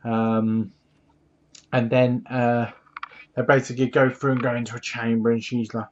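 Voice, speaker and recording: A man hosting a gaming channel talks through a trailer in a loose, rambling way, filling pauses with plenty of ums. His voice sits at an ordinary middle pitch. The recording sounds dull and lo-fi. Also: flat delivery, darkish tone. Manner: chatty, rambling retelling with many fillers. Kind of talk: casual trailer recap.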